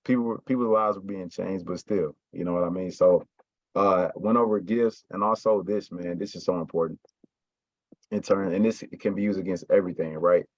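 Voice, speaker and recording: A man's voice: low-pitched, fairly even intonation, moderate pace, dry recording, muffled recording. A man coaching his sales team in casual talk, stressing words and often checking in with "right?" and "you got me?".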